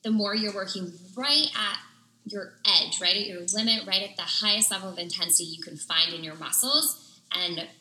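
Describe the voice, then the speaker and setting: A woman's voice: mid-range voice, moderate pace, pushed and bright, a little hiss or hum. A woman fitness instructor explaining classes in a casual interview, upbeat and explanatory. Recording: echoey room.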